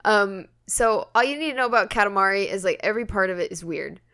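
A woman co-hosting a casual podcast, rambling along in an offhand, deadpan way and swearing freely. Her voice is bright and clear, with a smooth ring to it. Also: medium pitch, fast talker. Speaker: podcast co-host.

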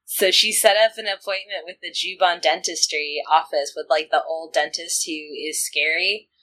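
Bright low-voiced chatty woman. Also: fairly even intonation, normal speed, rough recording. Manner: chatty, frequent "like" fillers, laughs often. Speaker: podcast co-host. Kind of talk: casual podcast chat recapping an anime.

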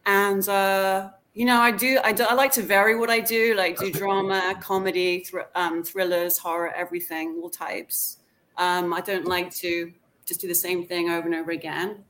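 A British woman, an actor and acting coach, chatting casually as a guest in an interview, often pausing with "like" and "um" and restarting her sentences. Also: on the low side, little pitch movement, a bit bright. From England. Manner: chatty, many "like" and "um" fillers, frequent restarts.

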